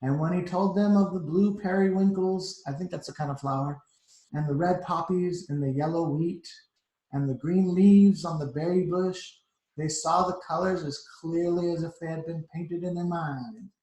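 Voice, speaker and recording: Teacher guy reading a picture book to kids, stops to explain words, slightly high voice, echoey room. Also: moderate pace, dark tone. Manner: chatty asides explaining words simply. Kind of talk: storybook read-aloud to children. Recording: roomy echo.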